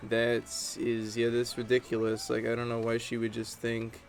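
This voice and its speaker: A man's voice: medium pitch, monotone, moderate pace, soft background music. A man giving casual gameplay commentary, rambling and chatty as he tells stories while he plays. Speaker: gaming channel host.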